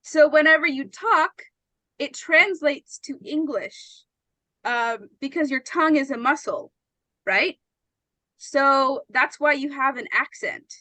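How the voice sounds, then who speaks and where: A woman's voice: high voice, slow pace, sharp tone, no echo, low-quality recording. A woman teaching an English pronunciation lesson, patient and often checking that her students understand.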